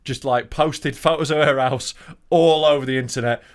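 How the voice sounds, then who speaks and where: A man's voice: medium pitch, steady tone, moderate pace, heavy background noise. Rambling male comedy podcast host. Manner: rambling storyteller, filler-heavy, restarts.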